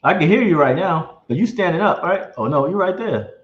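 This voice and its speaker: A man hosting a casual video-call interview, outspoken and animated, laughing often. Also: high-pitched, brisk, roomy sound, dull audio. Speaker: interview host, comic company head.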